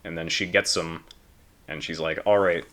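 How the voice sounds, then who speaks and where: A young American man co-hosting a casual podcast chat, relaxed and joking. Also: a bass voice, moderate pace. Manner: relaxed, joking, mock impressions of characters. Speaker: podcast co-host.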